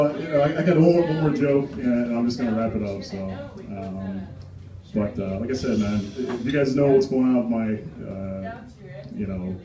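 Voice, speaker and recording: A young man doing an open-mic stand-up set, rambling and crude, halting with fillers and chuckles. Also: on the low side. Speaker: stand-up comic. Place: small comedy club stage. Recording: roomy, distant mic with crowd noise. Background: crowd laughter and chatter.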